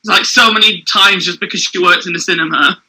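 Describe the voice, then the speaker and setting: A woman's voice: on the low side, steady tone, fairly quick, bright, forceful tone, rough recording. A woman co-hosting a podcast in casual chat, rambling with filler words and frequent giggles. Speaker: podcast co-host.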